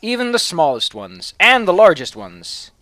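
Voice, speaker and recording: A man's voice: high voice, wildly swooping pitch, normal speed, a bit bright, dry recording. Sarcastic man ranting over gameplay. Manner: sarcastic, mock-villainous ranting with swearing. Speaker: let's play host. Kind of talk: casual gameplay commentary.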